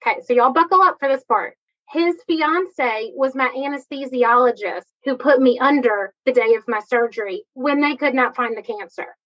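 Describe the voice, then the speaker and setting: A woman's voice: high-pitched, normal speed, a bit bright. Give me an earnest woman giving a personal faith testimony on a dull lo-fi recording. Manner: earnest, heartfelt, addresses listeners as y'all. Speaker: testimony speaker.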